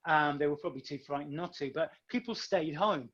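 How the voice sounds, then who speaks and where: A man's voice: a little high, fairly quick, a bit bright, muffled recording. A British man, a singer guest on a radio show, chatting with a self-deprecating sense of humor. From United Kingdom. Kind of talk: casual interview.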